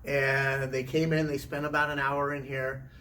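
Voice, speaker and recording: Middle-aged man, chatty animated storyteller, recorded from a distance. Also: mid-range voice, normal speed. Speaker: interview guest, former teacher. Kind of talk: casual storytelling. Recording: distant mic with faint room noise.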